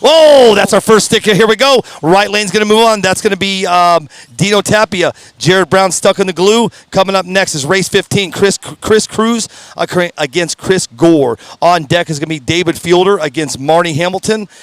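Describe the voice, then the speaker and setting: A man announcing live drag racing in an upbeat, folksy way, fumbling names now and then, his voice strained and clearing his throat. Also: high-pitched, moderate pace, few pauses, a bit bright, no room sound. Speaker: race announcer. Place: at a racetrack.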